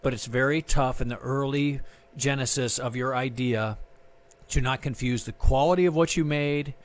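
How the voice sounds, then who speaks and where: A man's voice: mid-range voice, normal speed. A middle-aged man, a guest artist and filmmaker, chatting in an interview, rambling and self-mocking with many restarts. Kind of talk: casual interview chat.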